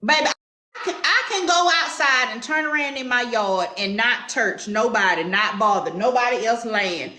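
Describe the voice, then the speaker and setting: Host, Southern woman, high bright voice, sassy and combative, echoey room. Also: expressive, normal speed. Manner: sassy, confrontational, drawling. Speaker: commentary show host. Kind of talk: heated commentary chat.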